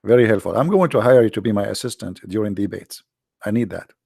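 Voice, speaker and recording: A man's voice: lowish voice, quick pace, gravelly, a little mellow, slightly rough, dry recording, studio quality. A man with an Arabic accent hosting his channel, giving sarcastic, mocking commentary with rambling asides. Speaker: channel host. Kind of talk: mocking religious commentary stream.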